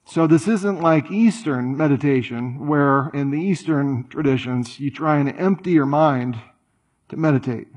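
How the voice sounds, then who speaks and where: A man preaching a sermon in a conversational, animated way, full of rhetorical questions and playful asides. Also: a little high, unhurried, slightly rough. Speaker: pastor.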